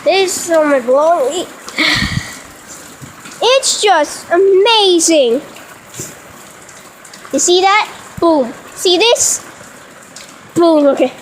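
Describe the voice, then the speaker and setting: A very high-voiced child rambles slowly through a handheld phone vlog outdoors. The tone is sarcastic, with faint rain hissing behind the voice. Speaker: vlogger. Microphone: phone camera held in hand.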